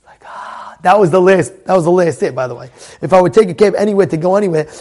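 High-voiced American man telling a story. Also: fast talker. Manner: animated, repeats phrases, acts out quoted dialogue. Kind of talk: casual personal storytelling.

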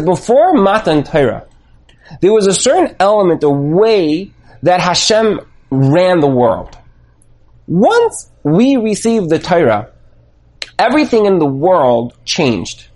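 Guy giving a torah class, super animated, restarts his sentences a lot. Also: high voice. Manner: animated storytelling, acts out dialogue; thinks aloud with restarts. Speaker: Torah teacher. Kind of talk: Torah lesson on the weekly portion.

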